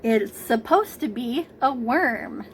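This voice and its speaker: A woman leads a preschool lesson from home through her computer camera, coaxing young children along in a gentle, unhurried way. Her voice sits a little high with a gravelly fry at the edges. A faint hiss runs beneath the recording. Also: animated, poor audio. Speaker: preschool teacher. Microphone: computer camera mic.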